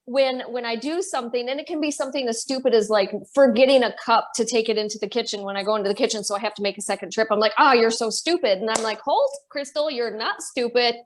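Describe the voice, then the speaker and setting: Michigan lady on a spirit podcast, bit high voice, blunt, cusses a lot. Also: steady tone, racing, few pauses. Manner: blunt, swears freely, laughs often. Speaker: podcast co-host, medium. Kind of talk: casual spiritual chat.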